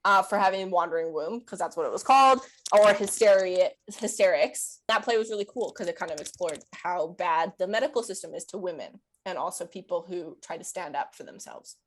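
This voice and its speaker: A woman guest on a podcast, talking casually with quick asides and bursts of laughter. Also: fairly low pitch. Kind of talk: casual chat.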